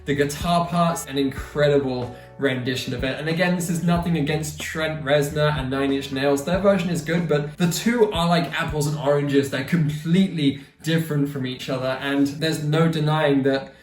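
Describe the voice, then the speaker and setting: A chatty man hosts a music vlog, talking enthusiastically in a slightly high voice. He sounds roomy and far from the mic. Faint music plays underneath. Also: steady tone, normal speed, hardly any pauses. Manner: enthusiastic, chatty, playful asides. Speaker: YouTube music channel host. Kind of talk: casual opinion vlog. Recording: roomy echo, distant mic, music behind.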